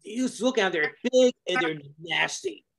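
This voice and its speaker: A man's voice: sits high, animated, moderate pace, creaky, a bit bright. A man hosting a podcast in easygoing, chatty conversation. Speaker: podcast host. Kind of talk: casual podcast chat.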